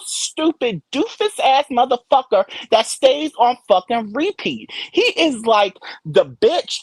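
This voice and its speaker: A woman streamer giving gossip commentary, ranting and cursing heavily and laughing loudly at her own stories. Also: medium pitch, no room sound. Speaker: live streamer.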